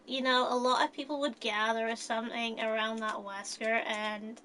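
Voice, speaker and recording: A woman's voice: on the high side, flat delivery, normal speed, sharp tone, slight background noise, poor audio. A woman casually telling an imagined story plot, hesitant with many fillers and frequent giggles.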